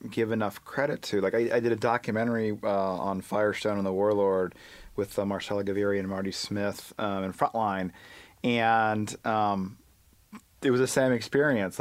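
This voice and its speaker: A man's voice: on the low side, no echo. A man, a reporter and podcast guest, speaking casually with many fillers and restarts. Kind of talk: casual interview talk.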